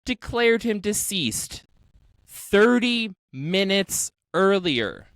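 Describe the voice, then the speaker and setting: An animated podcast host tells a story in an unhurried, casual way, with a lively voice that rises and falls. It laughs often, swears freely and slips into quoted voices. It is recorded dry and close, with no room sound. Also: mid-range voice, no room sound.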